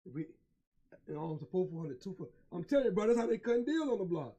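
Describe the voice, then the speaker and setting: A man with an Atlanta accent, his voice sitting high for a man, tells a loose story in casual podcast chat. He is animated and laughs often, acting out his own quoted lines. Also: fast talker. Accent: Southern US, Atlanta. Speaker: podcast co-host.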